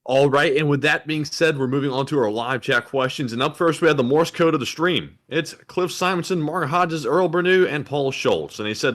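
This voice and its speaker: A man co-hosting a casual live stream, reading out viewer questions in a relaxed, wry way. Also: on the high side, normal speed, few pauses.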